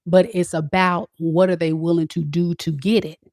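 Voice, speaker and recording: Low-pitched woman, tarot reader lecturing her female viewers bluntly, dry close recording. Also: flat delivery, moderate pace, darkish tone, no room sound. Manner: blunt, preachy, talks straight to the women watching. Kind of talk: direct-to-camera advice talk.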